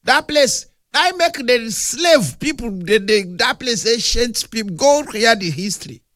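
A man with a Nigerian accent preaching a humorous, animated sermon that mixes storytelling with playful big words. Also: extremely high pitch, measured pace, dry recording, clean studio sound.

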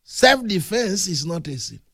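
A man with a Nigerian accent preaching a humorous, animated sermon that mixes storytelling with playful big words. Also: high voice, measured pace, slightly rough, no room sound, clean studio sound.

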